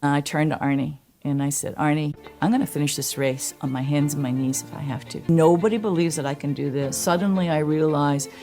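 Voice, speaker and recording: A woman's voice: sits low, brisk, few pauses, faint music behind. An older woman in an archival interview, telling stories from her own life and acting out the voices of people she quotes. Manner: animated, acts out quoted voices. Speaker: interviewee recalling her past.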